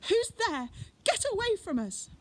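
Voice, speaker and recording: A woman voicing a frightened young girl hiding in the bushes, in a high, alarmed voice. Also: big pitch swings, measured pace, darkish tone. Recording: noisy recording.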